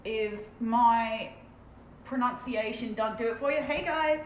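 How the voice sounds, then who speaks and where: A woman's voice: a little high, unhurried. An Australian woman in her thirties from Western Australia, chatting casually on a live stream while painting, blunt and self-mocking with plenty of swearing. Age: 30s. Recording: roomy, dull lo-fi sound with faint background noise.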